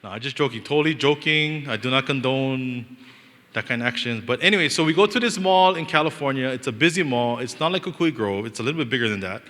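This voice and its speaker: A bright-voiced male pastor with a Hawaiian Pidgin lilt to his English tells a storytelling sermon, animated and joking as he acts out the voices he quotes. He talks fast at a medium pitch, and the long reverb of a church hall surrounds him.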